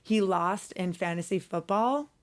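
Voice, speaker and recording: A woman's voice: mid-range voice, a little slow, background noise. A woman co-hosting a podcast, telling dating stories in a casual chat, laughing often and swearing a lot. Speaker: podcast co-host.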